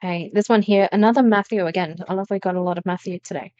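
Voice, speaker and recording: A woman's voice: mid-range voice, fairly even intonation, fast talker, hardly any pauses, mellow, dry recording, dull audio. Earnest woman giving a tarot reading. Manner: earnest, emphatic, repeats phrases. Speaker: tarot reader. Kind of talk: spiritual reading to camera.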